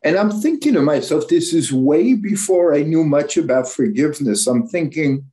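With a fairly high, warm voice and lively intonation, this male psychologist talks at a moderate pace with few pauses. He is a guest speaker delivering a blunt, candid, casual lecture full of stumbles and self-corrections.

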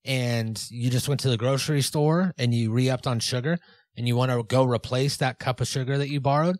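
Man, podcast co-host, playful, gives mock instructions, mid pitch, dry close recording. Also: steady tone, a little fast, no room sound. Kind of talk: comedic podcast banter and mock ad read.

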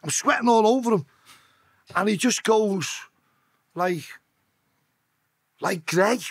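A man's voice: high voice, slow pace, husky. A man telling an emotional story on a podcast, speaking bluntly and swearing freely. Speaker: podcast guest. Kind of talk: emotional storytelling in casual chat.

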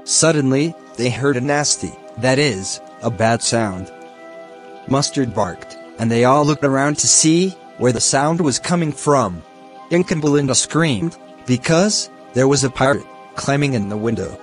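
A man teaching a poem, explaining its lines and word meanings slowly and deliberately. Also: medium pitch, expressive, faint music behind. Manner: slow, deliberate, glossing words one by one. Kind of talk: educational explanation.

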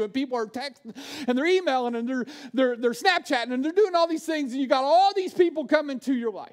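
A male pastor preaching a sermon, swinging from loud bursts to hushed, low asides.

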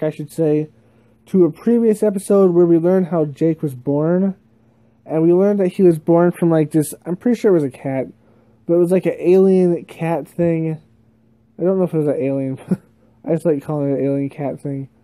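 A man's voice: a little high, mellow, no room sound. A man chatting casually as a YouTube reviewer, rambling with lots of fillers and little laughs, sounding sleepy. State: sleepy, yawning.

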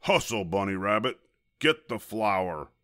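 A man's voice: low voice, lively intonation, slow pace, fairly bright tone, no room sound, clean studio sound, exaggerated voice. A man voicing a grumpy, bossy male varmint who snarls and growls his orders, in a storybook reading. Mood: gruff.

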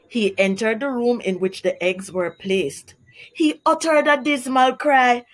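A woman teacher reading a storybook aloud to young children in a slow, expressive way. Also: a little high.

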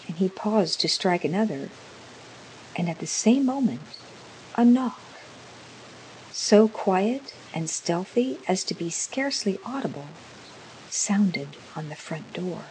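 A woman narrating a scripted story in a measured, deliberate way. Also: mid-range voice, mellow, a little hiss or hum, rough recording.

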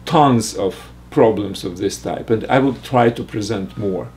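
An older man teaching math, working slowly through a logic puzzle aloud with frequent restarts. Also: fairly low pitch, a little mellow. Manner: halting, restarts and fillers while reasoning aloud. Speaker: math lecturer.

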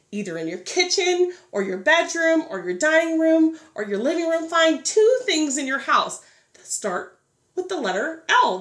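A woman's voice: high voice, fairly bright tone, echoey room. A woman teaching a preschool phonics lesson in a sing-song, encouraging way, drawing out letter sounds.

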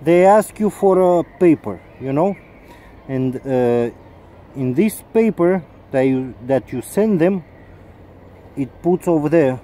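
A man's voice: on the high side, animated, slow pace, dark tone. A man, an English speaker ranting in a mocking, sarcastic vlog and swearing often. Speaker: vlogger.

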